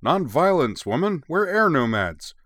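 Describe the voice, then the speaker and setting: An easygoing father who likes to tease, with dry humor, as a man reads him. The voice is deep, with a crisp, bright tone. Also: normal speed, no echo. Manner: dry, deadpan teasing. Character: joking, easygoing middle-aged father.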